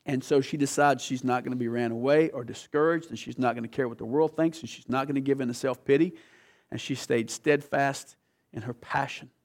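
A man preaching a sermon, retelling a scripture story with lively, animated delivery, acting out the voices and dropping to soft, dramatic lows.

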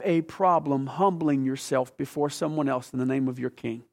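Gravelly emphatic male preacher. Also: medium pitch, normal speed, few pauses. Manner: emphatic, swings between loud and soft, asks the room questions. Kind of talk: sermon.

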